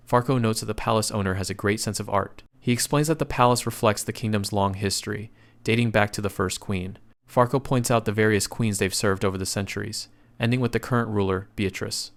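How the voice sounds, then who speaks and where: A man narrating a comic story recap in a scripted, casual and slangy retelling. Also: on the low side.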